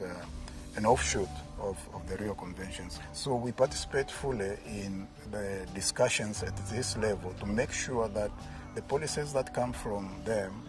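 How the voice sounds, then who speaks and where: A man with a low voice explains matters patiently in a documentary interview. He pauses often on fillers. Clear music plays behind him.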